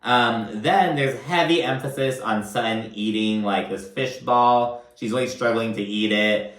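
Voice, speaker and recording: A man's voice: mid-range voice, measured pace, a bit bright, roomy sound. A man giving casual, profane, gossipy recap commentary on a reality show, full of fillers.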